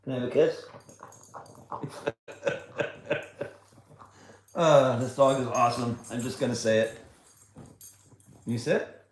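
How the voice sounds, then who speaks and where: A man's voice: mid-range voice, slow pace, pauses often, a little hiss or hum. A man hosting a casual trivia livestream from home, chatty, fond and coaxing as he talks. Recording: echoey room.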